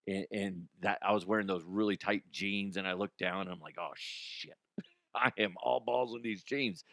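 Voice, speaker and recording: A man's voice: fairly low pitch, a bit bright, no room sound. Man, comedy podcast host, rambling, giggly, swears a lot, dry close sound. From Colorado. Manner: rambling, laughs often, swears. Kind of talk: casual comedy chat.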